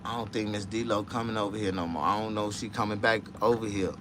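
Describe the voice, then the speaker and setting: A man hosting a casual livestream chat, rambling and profane, dropping to low mutters and jumping to high excited outbursts. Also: fast talker, background noise. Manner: profane, rambling street talk. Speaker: livestream host.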